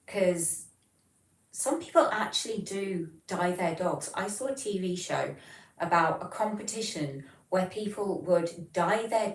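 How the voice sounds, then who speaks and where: A woman with a general Southern English accent, hosting a casual livestream and chatting as she answers viewer messages. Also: lowish voice. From England. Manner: chatty, rambling, reads chat messages aloud and answers them. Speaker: livestream host. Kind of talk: casual livestream chat reading viewer comments. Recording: roomy, from some distance off the mic.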